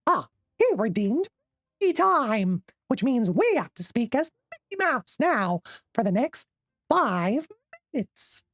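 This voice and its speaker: A man streaming a card game while putting on a squeaky, high cartoon mouse voice and swearing in character. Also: very animated, slow pace, a bit bright, no room sound, clean studio sound, full character voice. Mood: squeaky playful. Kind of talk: live game stream chat.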